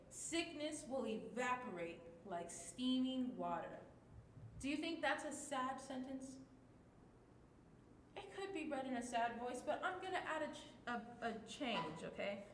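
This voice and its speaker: A woman teaching a livestreamed class, speaking slowly and encouragingly. Her voice sits a little high. The room is echoey, with a faint rumble behind her. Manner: encouraging, marks the tone for each line. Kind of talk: livestreamed class, reading aloud.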